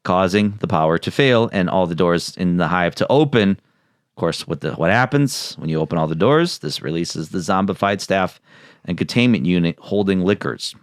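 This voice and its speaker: Male podcast co-host, lowish dry voice, casual plot recap. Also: normal speed, clear, resonant tone, no room sound. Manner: animated, recaps plot and mimics lines with laughs. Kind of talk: casual movie discussion.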